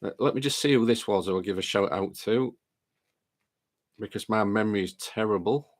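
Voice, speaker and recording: A man's voice: lowish voice, moderate pace. A man hosting a live stream, chatting casually and greeting viewers by name while reading their comments aloud, with a lingering chest cold.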